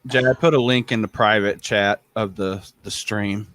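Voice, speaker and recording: A man in casual chat, recalling things in a relaxed, conversational way. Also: on the low side, moderate pace, no room sound.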